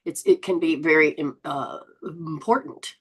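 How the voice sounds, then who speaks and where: A woman hosting a spiritual live stream, reading viewer comments and coaching them in a lively, exclaiming, rambling way. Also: low voice, unhurried, slightly rough. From Southern Hemisphere. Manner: animated, exclaims and laughs often. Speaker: host.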